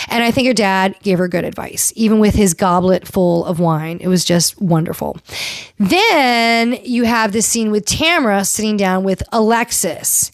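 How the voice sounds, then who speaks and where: A woman's voice: mid-range voice, a little slow, dry recording, clean studio sound. A woman hosting a casual recap podcast, blunt and opinionated, who swears freely and scolds the cast members as if they could hear her. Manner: addresses the cast members directly, as if scolding them. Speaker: podcast host. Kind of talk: casual reality-TV recap commentary.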